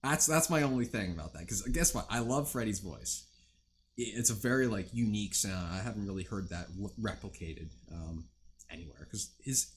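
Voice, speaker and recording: Young man, low animated voice, casual livestream chatter, swears a lot, lots of ums, faint hiss behind. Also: moderate pace. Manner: rambling, profane, lots of fillers. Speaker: livestream host. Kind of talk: casual chat with stream viewers.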